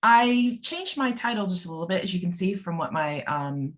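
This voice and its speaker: A woman's voice: fairly low pitch, lively intonation, moderate pace. A woman presenting an academic conference paper over a video call, thoughtful and hesitant, with frequent ums.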